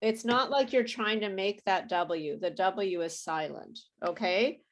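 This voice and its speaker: A woman's voice: medium pitch, unhurried. A woman teaching an English pronunciation lesson, speaking patiently and repeating words for her students to copy, with a light laugh now and then. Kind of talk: live online pronunciation lesson.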